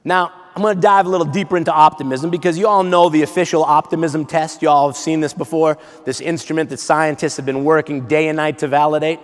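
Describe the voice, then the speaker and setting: A man giving a motivational keynote in a large conference hall, playful and lively, talking directly with his audience. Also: a little high, fast, hardly any pauses, faint music behind. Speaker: keynote speaker. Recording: long reverb of a large hall.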